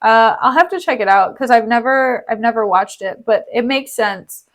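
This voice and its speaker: A woman's voice: on the high side, normal speed. A young woman streamer reading a play aloud with casual, slangy, giggly commentary.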